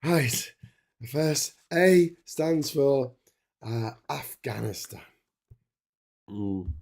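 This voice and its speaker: A man talks casually on a marathon livestream, reading viewer messages aloud. He is excitable and quick to laugh, often stumbling and restarting his sentences, and sounds tired from the long stream. His voice sits at an ordinary middle pitch. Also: vocal fry. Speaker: livestream host.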